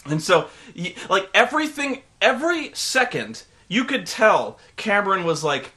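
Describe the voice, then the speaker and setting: A man rants through a casual movie review with animated, profane sarcasm. His voice sits high and sounds bright and sharp. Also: measured pace, hardly any pauses. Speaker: co-host.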